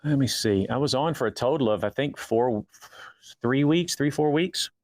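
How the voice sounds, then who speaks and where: A man's voice: medium pitch, normal speed, no echo. A man, an actor guest, telling stories in a casual interview and acting out the dialogue as he goes. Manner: animated, acts out quoted dialogue.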